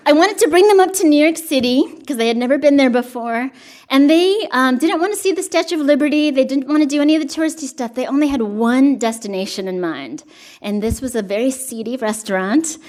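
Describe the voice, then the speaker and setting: A woman poet at a live reading, reading poems and telling self-deprecating stories between them, laughing and chatty, with many fillers. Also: on the high side. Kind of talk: poetry reading with spoken storytelling between poems.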